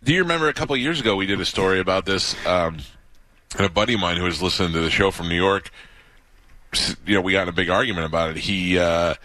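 Man, radio host, low voice, bright tone, casual storytelling, dry mic. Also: quick pace, dry recording. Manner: storytelling, animated quotes.

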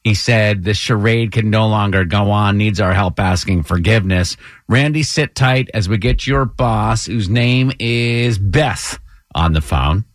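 A man's voice: lowish voice, dry recording, clean studio sound. A man hosting a morning radio show, joking with co-hosts and callers. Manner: brisk, joking. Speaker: radio host.

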